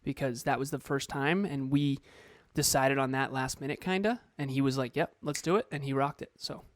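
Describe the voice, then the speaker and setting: A man's voice: mid-range voice, moderate pace, no echo, clean studio sound. A man co-hosting a motivational podcast, talking emphatically and repeating words for stress. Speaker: podcast co-host and coach.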